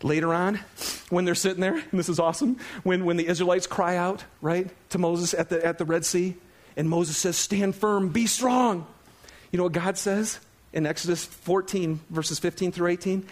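A man with a high voice preaches a lively sermon. He speaks casually to his congregation, calling them "you guys," and his delivery swings between quiet, low stretches and excited, near-shouted peaks. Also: normal speed. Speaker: pastor.

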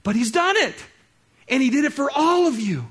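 A pastor with a strikingly high voice preaches in a conversational, sing-song way at a moderate pace. Addressing his listeners directly, he swings between loud exclamations and soft, hushed moments.

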